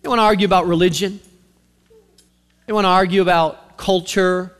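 A man's voice: high-pitched, steady tone, moderate pace, a bit bright, smooth. A man preaching a sermon as pastor, telling a scripture story animatedly and acting out its characters. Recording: long reverb of a large hall.

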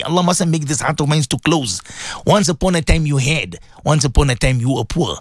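A male radio presenter giving an impassioned sermon, emphatic and repetitive, dropping low and solemn then rising to high exclamations. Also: dry recording, studio quality.

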